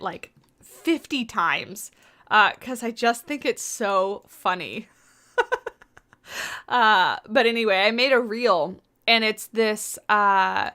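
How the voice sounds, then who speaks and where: A woman livestreams a game build from home, rambling and chatting loosely with her viewers and reading their chat as she works. Her voice is fairly high, bright, and forceful, picked up by a USB desktop mic on a boom arm.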